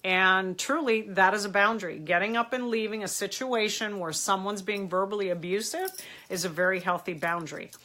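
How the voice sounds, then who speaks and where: An American woman hosting a live-stream advice talk, speaking in an animated, emphatic way and addressing her viewers directly. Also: medium pitch, normal speed. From United States. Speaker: host.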